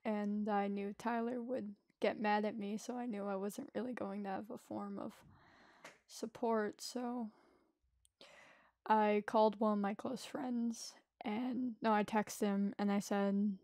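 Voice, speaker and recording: A vlogger recounts a painful personal story, hesitant and emotional, often halting and restarting her sentences. Her medium-pitched voice is a little mellow, with studio quality and no echo.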